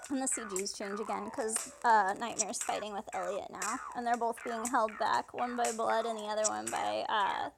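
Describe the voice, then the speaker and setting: A woman's voice: fairly high pitch, fairly even intonation, normal speed, creaky, hardly any pauses, background noise. A young woman casually translating a game's dialogue aloud, paraphrasing each character with "she's like" and reading the punctuation out, with frequent laughs. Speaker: let's play host translating a game. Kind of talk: casual live translation and retelling of game dialogue.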